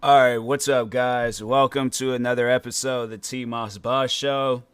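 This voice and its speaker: A man's voice: medium pitch, level tone, moderate pace, a bit bright, clear, resonant tone, no room sound, faint music behind. A tired young man hosting his own podcast, talking casually and rambling, often stumbling over his words. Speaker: podcast host. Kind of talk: casual solo podcast monologue.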